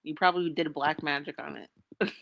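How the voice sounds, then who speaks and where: A woman drops blunt, sarcastic remarks alongside a live stream, mocking what she hears. Her voice sits a little low for a woman. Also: steady tone, moderate pace, gravelly, fairly bright tone, muffled recording. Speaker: stream commentator. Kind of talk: sarcastic running commentary.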